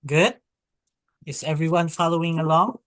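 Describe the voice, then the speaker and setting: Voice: mid-range voice, moderate pace, no room sound. A teacher leading an online Hebrew alphabet class, patiently repeating vowel sounds and calling on students to read. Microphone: video call.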